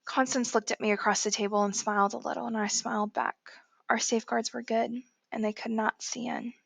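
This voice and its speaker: Gravelly-voiced woman narrating a novel. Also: fairly high pitch, little pitch movement, brisk, a bit bright, no room sound. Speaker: audiobook narrator. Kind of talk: first-person audiobook narration.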